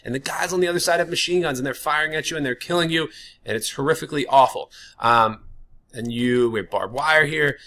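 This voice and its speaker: Casual, bright-voiced male teacher. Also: on the high side, a little fast. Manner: casual and chatty, with many "like" fillers. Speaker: history teacher. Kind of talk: classroom lecture.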